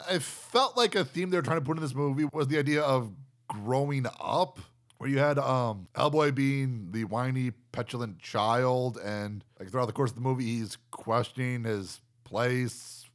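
A man's voice: medium pitch, normal speed. A man co-hosting a casual film review chat, incredulous and exasperated, swearing now and then. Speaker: podcast co-host reviewing a film.

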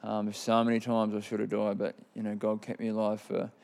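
Gravelly and darkish, this lowish, monotone voice moves a little fast. It belongs to a Queensland man in his thirties with an Australian accent, giving his personal testimony in a candid, rambling manner full of fillers.

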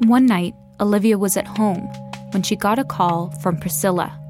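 Woman narrator, measured scripted read, mid pitch, music bed under the narration. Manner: measured, clear storytelling delivery.

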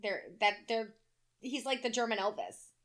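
A woman's voice: on the high side, expressive, moderate pace, fairly bright tone. A woman in her thirties co-hosting a casual chat, telling a brash story full of curses and acted-out quotes. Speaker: podcast co-host.

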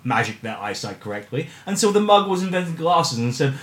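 A man's voice: fairly high pitch, big pitch swings, fairly quick, a bit bright, echoey room. Playful man hosting a podcast. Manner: playful, laughing, stammering restarts. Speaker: podcast host reading listener questions. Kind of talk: casual comedic chat.

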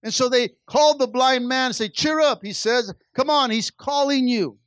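Preaching to his congregation, this pastor drives his message home through repeated phrases and stammered restarts, with intensity that swells and ebbs. He has a very high, expressive, fairly bright voice at normal speed, with no room sound.

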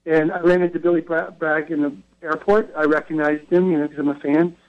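A man with a fairly high, fairly even voice speaks briskly as a radio interview guest. He co-founded a record retail event and tells chatty anecdotes, often correcting himself mid-story. The broadcast sounds dull and lo-fi.

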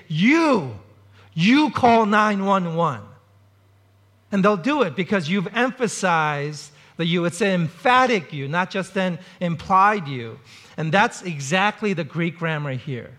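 Bright, high-voiced man preaching. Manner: conversational, illustrative preaching with acted-out quotes. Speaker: pastor. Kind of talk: sermon.

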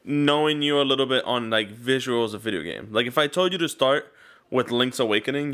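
Halting man in casual chat. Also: mid-range voice, fairly bright tone, smooth. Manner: halting, restarts a lot, agreeable. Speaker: podcast co-host.

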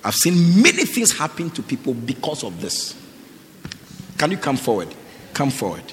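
A man's voice: medium pitch, wildly swooping pitch, normal speed. A man preaching to a congregation, calling people forward for offerings, repeating short commands and firing questions at the crowd. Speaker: pastor. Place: church. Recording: echoey hall with faint noise.

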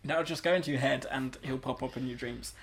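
A woman's voice: very deep voice, a little fast, slight background noise. A woman in casual banter, teasing and insistent, laughing often.

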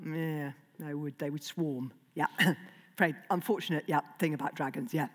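A woman's voice: sits low, fairly even intonation, moderate pace. A woman children's author talking playfully to a young audience, asking them questions and reading aloud. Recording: long hall reverb.

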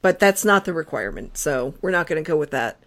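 A young woman hosts a relaxed podcast conversation, playful and quick to laugh. Her voice swings widely up and down as she jokes. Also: low voice. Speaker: podcast host. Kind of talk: casual chat.

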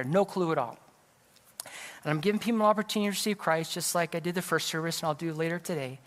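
In a church sanctuary with a long reverb tail, a middle-aged man from California delivers a sermon as an evangelist. His voice sits on the high side with a fairly bright tone, and he shares a personal story casually, poking fun at himself.

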